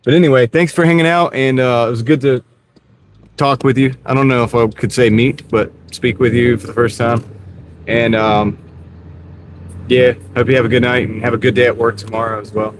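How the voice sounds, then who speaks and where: A man chatting casually on a live stream while he drives deliveries, greeting viewers by name in a relaxed, rambling way. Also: medium pitch, normal speed. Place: inside a moving car. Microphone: wireless clip-on mic. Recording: clear car road noise. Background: car and road noise.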